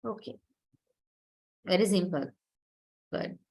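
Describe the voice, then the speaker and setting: A woman's voice: lowish voice, lively intonation, slow pace, vocal fry, a little mellow, low-quality recording. A woman lecturer explaining a topic to her class in a patient classroom lecture, often checking in with her students. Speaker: university lecturer.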